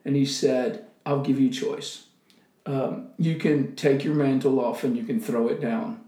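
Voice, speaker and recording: A man's voice: medium pitch, fairly even intonation, a little slow, mellow, reverberant. A man sharing an emotional missionary testimony in casual conversation, acting out his own prayers. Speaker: missionary guest.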